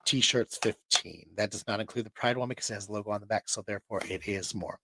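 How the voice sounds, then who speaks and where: A man's voice: medium pitch, fairly even intonation, brisk, dry recording. A tired man hosting a show, chatting casually in a rambling way with many restarts. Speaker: host.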